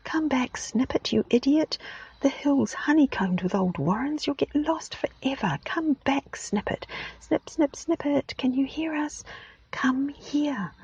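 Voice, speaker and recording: A woman voicing twin young farm boys, calling out loudly and urgently in a raised voice, recorded muffled and lo-fi in a car. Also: medium pitch, lively intonation, measured pace, vocal fry, slightly rough, no room sound, voice pushed up, full character voice. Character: two excited young farm boys, twins.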